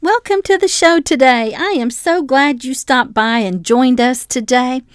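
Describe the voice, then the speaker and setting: A woman's voice: high voice, measured pace, smooth, dry recording, clean studio sound. Grandmother preaching on her podcast. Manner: warm storytelling, acting out voices in her anecdotes. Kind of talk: devotional podcast teaching.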